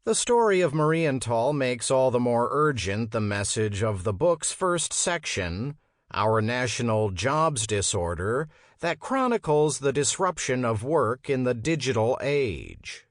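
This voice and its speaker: A man reading a nonfiction audiobook as narrator in a measured, scripted delivery, slowing down to stress key phrases, recorded close on a studio mic. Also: mid-range voice, very animated, no room sound.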